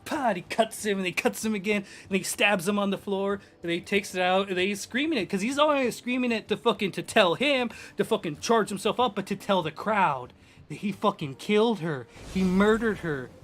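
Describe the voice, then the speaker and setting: A young man, a game streamer, rambling in excitable, profane casual chat at his home gaming setup on a desk microphone. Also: high voice, a little fast.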